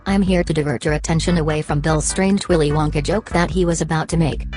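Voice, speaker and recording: A man putting on a prim high announcer lady. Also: steady tone, fast talker, a little mellow, soft background music, close to an everyday voice. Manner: polite, formal announcer delivery. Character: prim female announcer who interrupts the show.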